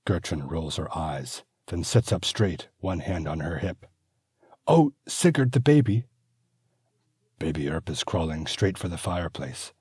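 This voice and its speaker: A man narrating his own fantasy audiobook in a steady, measured manner. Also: very deep voice, breathy edge, no room sound, clean studio sound. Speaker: author and narrator.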